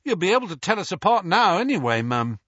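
Teasing young joker, lively and husky, done by a male reader; dull, dry audio. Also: high-pitched, fast, no room sound, voice pushed up, full character voice. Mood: wry. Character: joking young man, wry and teasing. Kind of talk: audiobook character voice.

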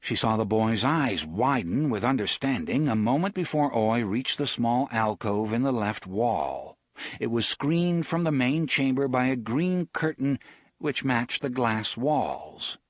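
Husky, expressive male audiobook narrator. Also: mid-range voice, a little slow, no echo, studio quality. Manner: expressive, theatrical reading. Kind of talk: scripted narration.

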